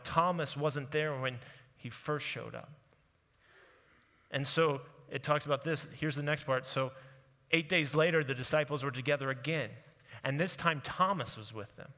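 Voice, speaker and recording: A man preaching a sermon, telling the story with lively, casual voices for the people in it. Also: fairly high pitch. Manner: animated storytelling, acting out quotes in casual voices. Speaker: pastor. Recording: long hall reverb.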